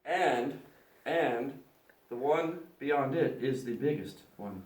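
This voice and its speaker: A man's voice: mid-range voice, lively intonation, takes it slowly, roomy sound, very noisy. A man teaching a class, playfully explaining each step of a science demonstration to students.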